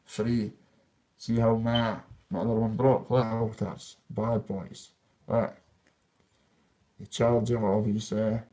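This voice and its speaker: A man's voice: on the low side, level tone, takes it slowly, long pauses, warm tone, poor audio. A young man, ranting bluntly to camera in a casual vlog. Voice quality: blunt, swearing, confrontational. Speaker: vlogger.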